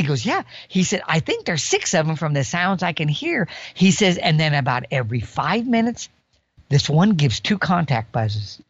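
Animated older man telling a story. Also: sits high, normal speed, slightly rough, no room sound, lo-fi sound. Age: 60s. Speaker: guest elk hunter. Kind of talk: podcast interview storytelling.

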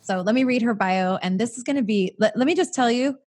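An American woman hosting a podcast, enthusiastic and gushing, with quick asides. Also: on the high side, darkish tone, breathy edge, soft background music. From United States. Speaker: podcast host. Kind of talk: podcast intro and interview.

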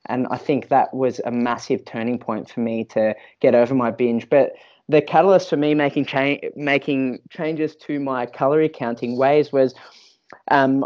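A man's voice: medium pitch, a little mellow, muffled recording. A man, a fitness professional, speaking as a podcast guest and sharing a personal story candidly, often restarting and repeating words.

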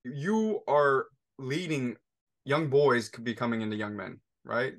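A man in his thirties hosting a podcast, telling a family story at an even middle pitch. He talks casually with many restarts, fillers and asides. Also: measured pace. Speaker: podcast host. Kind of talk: conversational interview.

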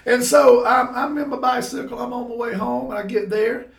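A man telling a story from his childhood in a casual chat, animated and laughing as he tells it. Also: extremely high pitch, fairly quick, gravelly, distant mic. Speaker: guest. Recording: roomy sound, away from the mic.

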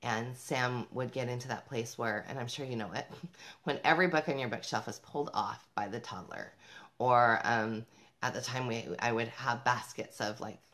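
A woman's voice: very deep voice, fairly even intonation, normal speed, a bit bright. A woman talking to the camera as a parenting vlogger, upbeat and emphatic, speaking straight to other mothers and laughing between points. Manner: upbeat, emphatic, addresses viewers directly. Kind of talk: motivational talk to camera.

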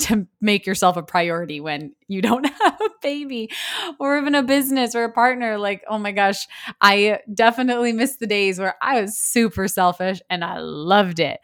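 A woman's voice: fairly low pitch, gravelly. A young woman who runs her own business, talking in a casual, reflective monologue, earnest and chatty with lots of "like" fillers. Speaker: podcast host and business owner.

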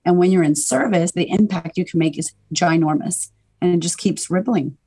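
A woman guest on a podcast, a confidence coach talking in an animated, emphatic way and swearing casually. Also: fairly low pitch, moderate pace, husky. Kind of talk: casual interview chat.

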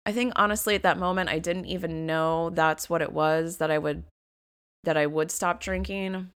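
Low-voiced woman telling a candid story. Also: normal speed, clean tone. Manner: candid, confessional, gets animated retelling moments. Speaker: podcast host. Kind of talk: personal storytelling.

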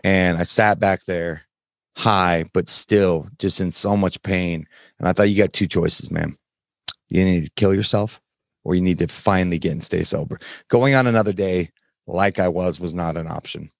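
A man as a podcast guest, telling his story candidly in plain, frank words with halting restarts. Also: low voice, gravelly, no room sound, clean studio sound. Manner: frank, plain-spoken, occasional swearing; halting, many fillers and restarts while recounting.

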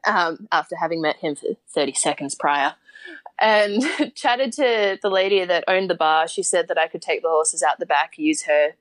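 A chatty Australian woman with a fairly low voice tells a story in a relaxed interview. She laughs often and leans on fillers as she talks. The recording is dry and close. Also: normal speed, no echo. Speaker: guest.

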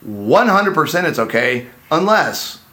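A man's voice: a little high, big pitch swings, a little slow, sharp tone, slight background noise. A man hosting a casual podcast for couples with an easygoing, playful manner. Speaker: podcast host, couples counselor.

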